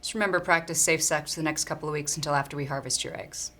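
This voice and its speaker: A woman playing a doctor, speaking in a brisk, clinical manner. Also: sits low, steady tone, sharp tone.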